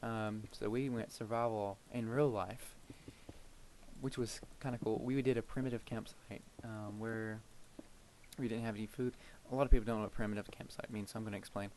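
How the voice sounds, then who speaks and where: This gameplay creator's voice is on the low side, steady and a little mellow, moving a little fast over slight background noise. He chats casually while playing, rolling from one story into another with lots of fillers and laughs.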